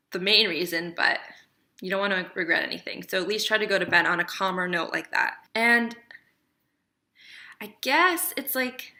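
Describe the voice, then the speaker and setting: Bright-voiced woman giving chatty advice. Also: mid-range voice. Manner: chatty and emphatic, checks in with "okay?". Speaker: relationship advice vlogger. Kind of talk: casual advice vlog.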